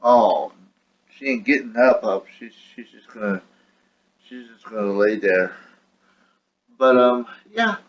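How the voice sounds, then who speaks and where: A man's voice: medium pitch, expressive, slow, pauses often, low-quality recording. A young man venting about his health in a frustrated, rambling way, talking casually to camera at home. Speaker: vlogger. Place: at home with his dog on his lap.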